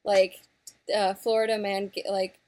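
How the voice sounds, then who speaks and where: A woman's voice: mid-range voice, flat delivery, a little slow, a little mellow. A woman in casual chat with friends, loose and informal. She pads her talk with fillers and swears offhandedly.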